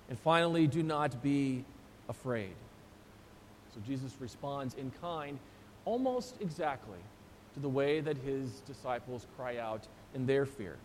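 Man, high voice, sermon, animated storytelling, long church reverb, faint rumble. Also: a little slow. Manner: animated storytelling, acting out the disciples' cries. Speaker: pastor. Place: church sanctuary.

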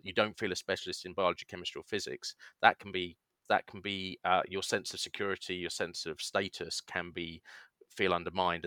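Male guest, deep but bright and forceful tone, dry close sound, halting explainer. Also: dry recording. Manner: hesitant, explanatory, many fillers. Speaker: guest, science education researcher. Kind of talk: conversational podcast interview.

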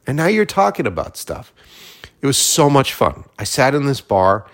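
A man's voice: on the low side, fairly quick. A man from Boston telling a story in a casual monologue, swearing often and acting out the dialogue. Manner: profane, animated storytelling with acted-out dialogue.

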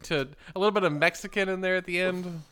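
A man teasing and cracking quick jokes in improvised comedy banter. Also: sits high, steady tone, pushed and bright.

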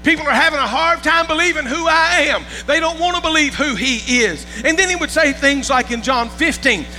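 A pastor with a very high-pitched voice preaches a folksy sermon, talking a little fast with few pauses in a pushed, bright tone. He repeats words and checks that the congregation is following along. Long reverb carries the recording, with faint music and a mains hum underneath.

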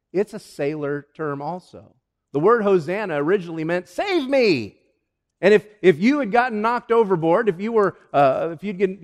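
A man preaching a sermon as a pastor, with animated delivery that swings from loud calls to hushed lines. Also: fairly high pitch. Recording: long hall reverb.

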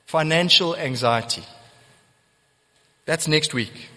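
Guy preaching a sermon, earnest and emphatic, voice a bit high, big echoey church hall. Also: slow, bright, forceful tone. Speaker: pastor. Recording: long church hall reverb.

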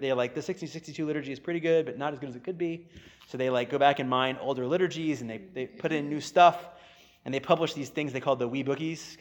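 A man's voice: on the high side, a bit bright. Chatty American man explaining history. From United States. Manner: chatty, many fillers, acts out quoted speech. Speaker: guest explaining church history. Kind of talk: casual explanatory talk.

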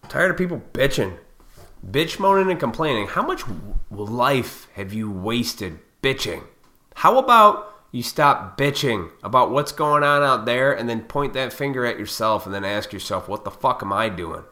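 A man's voice: mid-range voice, big pitch swings, normal speed, sharp tone. A man delivering a heated, profane monologue to his viewers, lecturing them bluntly. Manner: heated, fired up.

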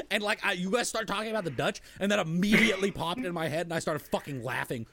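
Fast-talking man rambling in casual chat. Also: high voice, lively intonation, fairly bright tone. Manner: rapid rambling storytelling, crude. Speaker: podcast co-host.

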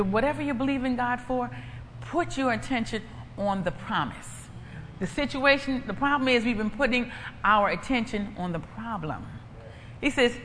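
Lively woman preaching in an echoey hall. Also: a little high. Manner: emphatic, repetitive, conversational. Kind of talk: preaching with personal testimony. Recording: echoey hall, faint ambient noise.

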